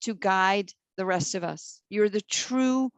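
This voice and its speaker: A woman's voice: mid-range voice, slow, clean tone, no room sound. A woman hosting a podcast interview, talking in an enthusiastic, playful, teaching way. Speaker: podcast host. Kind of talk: casual interview chat.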